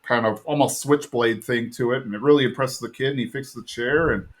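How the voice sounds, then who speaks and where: A man hosting a podcast, walking listeners through an episode in a loose, chatty way. He leans on fillers as he goes, his voice sitting at an ordinary middle pitch. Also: steady tone, fairly quick. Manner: chatty retelling full of fillers. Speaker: podcast host. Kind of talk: casual episode recap.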